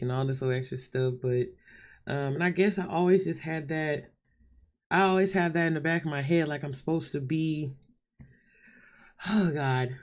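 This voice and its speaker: A woman vlogging live to camera, chatting openly and casually with her viewers and calling them y'all and honey. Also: deep voice. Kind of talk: candid live-stream chat to viewers. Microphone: camera mic.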